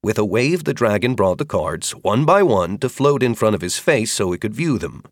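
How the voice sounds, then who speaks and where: A man narrating an audiobook fantasy chapter with expressive, varied storytelling. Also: fairly low pitch, normal speed, no echo, studio quality. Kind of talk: scripted narration.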